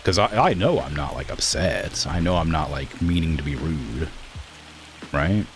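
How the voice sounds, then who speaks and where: A man's voice: very deep voice, expressive, measured pace, slight background noise. A young man streaming a farming game and chatting casually, with a blunt, direct way of talking that stresses words hard and can sound accusatory. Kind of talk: casual gameplay commentary.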